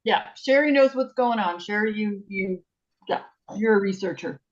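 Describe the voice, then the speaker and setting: A woman chats on a video call, telling lively stories and acting out the lines of the people in them. Her voice sits in a middle range. The call audio is somewhat dull and muffled. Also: medium pitch, normal speed. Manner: chatty, animated storytelling, acts out quotes. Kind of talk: casual chat.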